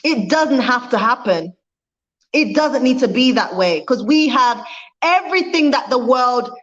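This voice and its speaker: Fired-up woman vlogging live, preachy and repetitive, higher voice, muffled lo-fi mic. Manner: fiery, preaching, repeats points for emphasis; reads viewer comments aloud. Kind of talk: impassioned livestream talk.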